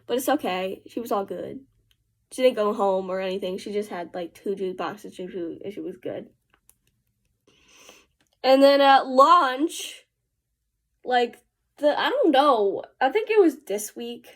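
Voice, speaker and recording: A woman's voice: a little high, expressive, unhurried, long pauses. A teenage girl telling a rambling story in a casual, chatty way while she does her makeup, with slangy asides. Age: teens. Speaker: vlogger.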